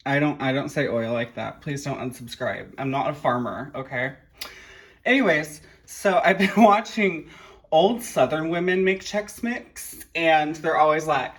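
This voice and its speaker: A man's voice: a little high, normal speed, fairly bright tone. A man hosting a casual home cooking vlog in his kitchen, rambling with lots of fillers, swearing and joking at his own expense. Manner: rambling, self-deprecating, swears freely. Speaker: cooking show host.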